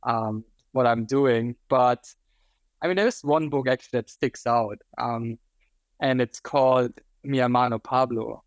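A man's voice: medium pitch, steady tone, unhurried, dry recording. German guy chatting on a podcast, lots of ums and sort ofs, dead dry sound. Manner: loose, hedging, many fillers. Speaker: guest expert. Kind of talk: casual interview answers.

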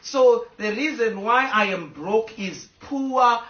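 A woman's voice: on the high side, animated, takes it slowly, fairly bright tone, roomy sound, far from the mic, dull audio. A woman speaking to her fans in a casual, emotional and rambling live video from home, stopping now and then to tell her dogs to sit down. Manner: talks to fans, stops to scold her dogs. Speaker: social media personality. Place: home with a fireplace.

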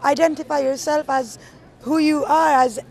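A woman giving her opinion in an interview, animated and firm. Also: high voice, moderate pace. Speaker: student interviewee. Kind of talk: street vox pop answer.

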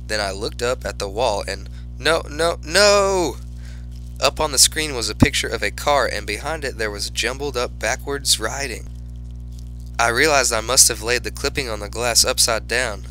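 A man narrating a children's storybook in the first person as a class pet hamster, with lively exclamations. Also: fairly low pitch, low-quality recording. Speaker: audiobook narrator.

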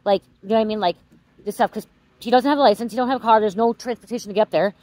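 A woman's voice: on the high side, rapid-fire, a little mellow, a little hiss or hum, rough recording. A woman in her thirties or forties, a tarot reader venting in a casual vlog, swearing and tagging "okay?" onto her sentences.

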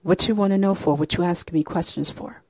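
A woman's voice: fairly low pitch, fairly even intonation, fast talker, dry recording. A woman voicing a hostile, paranoid young woman who snaps back at her mother. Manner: curt, defensive, accusing.

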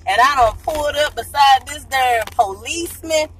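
A woman, chatting excitedly to her viewers while driving, a little out of breath and laughing often. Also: high voice, moderate pace, slight background noise. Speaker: vlogger and mom. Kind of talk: casual vlog talk to viewers. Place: inside a car while driving. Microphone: handheld phone camera.

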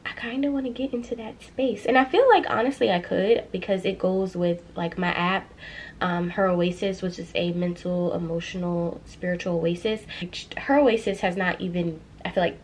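A woman's voice: fairly low pitch, darkish tone, a little hiss or hum, rough recording. A woman in a casual vlog, talking chattily to her viewers and rambling through her plans. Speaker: vlogger. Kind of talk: casual vlog chat to camera.

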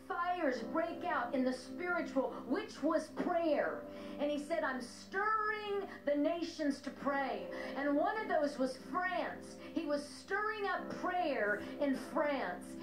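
A woman's voice: high-pitched, lively intonation, slow. A woman minister solemnly recounting a prophetic dream, repeating lines for emphasis. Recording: echoey with music behind.

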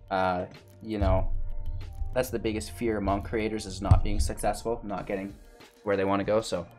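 A man's voice: fairly low pitch, darkish tone. A man giving casual gameplay commentary and a rambling channel outro, tired and a bit out of breath, with lots of fillers. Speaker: gaming YouTuber and streamer.

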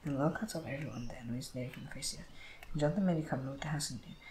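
A man reading scripture aloud, moving quickly and often stumbling over words and starting lines again. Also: medium pitch, a little mellow, slight background noise, poor audio. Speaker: Bible reader.

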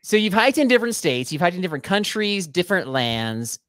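A man's voice: high-pitched, sing-song, brisk, a bit bright, no room sound, studio quality. A man hosting a podcast, teasing his co-host and guest as he asks questions. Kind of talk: casual chat.

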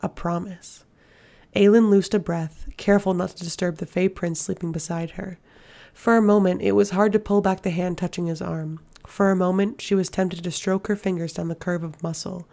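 A woman reading a fantasy novel aloud in a measured, steady narration. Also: lowish voice, gravelly. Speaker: audiobook reader. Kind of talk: fiction audiobook narration.

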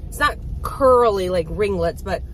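A woman chatting casually to the camera for her vlog, thinking aloud and dropping into soft asides. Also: mid-range voice, lively intonation, measured pace, slight background noise. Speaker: vlogger.

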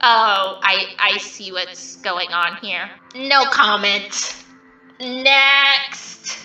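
A woman's voice: medium pitch, fairly even intonation, extremely slow, bright, forceful tone, echoey room, far from the mic, faint music behind, heavily acted, low-quality recording. Bill Cipher, a smug vain demon, as a woman puts him on. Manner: smug, theatrical, mock-offended. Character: vain mischievous male triangle dream demon. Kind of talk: in-character fan art reaction.

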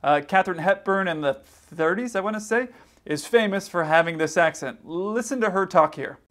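A man's voice: high-pitched, moderate pace, a bit bright. A man hosting an aviation video, giving casual, plain-spoken advice and commentary. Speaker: pilot and aviation YouTuber. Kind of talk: commentary on radio clips.

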